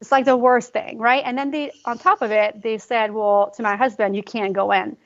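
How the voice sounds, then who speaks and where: A woman with a fairly high voice tells a personal story on a podcast, fast and emotional, with lots of fillers. The audio sounds a little dull and lo-fi. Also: steady tone. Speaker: guest, pre and postnatal fitness coach. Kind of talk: conversational podcast interview.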